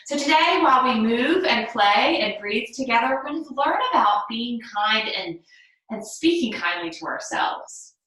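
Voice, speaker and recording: A woman's voice: fairly high pitch, animated, measured pace, pushed and bright, recorded from a distance. Upbeat young woman teaching kids, echoey room. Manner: upbeat, encouraging, sing-song prompts. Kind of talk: guiding a children's movement lesson. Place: room at home.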